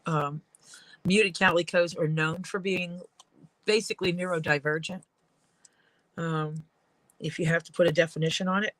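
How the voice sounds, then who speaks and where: A woman's voice: fairly low pitch, steady tone, moderate pace, pauses often, fairly bright tone, dry recording, rough recording. A woman leatherworker rambling through casual stories while she works at her craft. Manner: rambling, storytelling.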